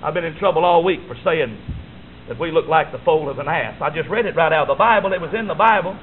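A high-pitched man preaches a fervent sermon in a church, dropping to a hush and then rising to a shout. The live recording sounds a little dull, with a faint hiss behind him. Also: fast. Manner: fervent, swings from hushed to shouting. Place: church sanctuary.

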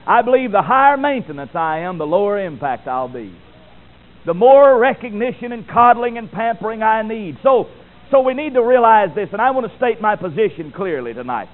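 A man preaching a sermon, emphatic, swinging from loud declarations to quiet, solemn asides, heard through a tinny recording. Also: sits high, sing-song, moderate pace.

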